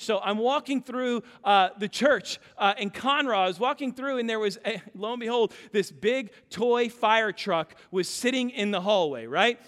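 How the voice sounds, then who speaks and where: High, bright-voiced preaching pastor. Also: male voice. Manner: animated storytelling, swings from loud to hushed. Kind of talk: sermon. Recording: long hall reverb.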